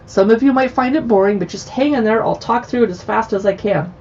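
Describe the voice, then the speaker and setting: A woman's voice: fairly high pitch, brisk, darkish tone. Chatty woman hosting a lo-fi livestream. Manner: chatty and playful, joking asides. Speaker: livestream host. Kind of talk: casual livestream chat.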